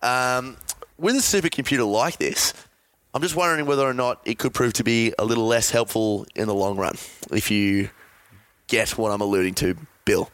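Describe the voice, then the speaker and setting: A man's voice: mid-range voice, normal speed, a bit bright, dry recording. A man hosting a podcast, reading out odd news stories and joking with his guests. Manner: joking, laughs often. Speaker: podcast host. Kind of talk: casual chat, reading out news items.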